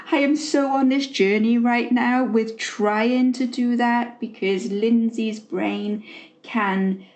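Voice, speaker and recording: A woman co-hosting a podcast, talking gently and reflectively in casual chat, with many fillers and restarts. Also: a little high, steady tone, slow pace. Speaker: podcast co-host.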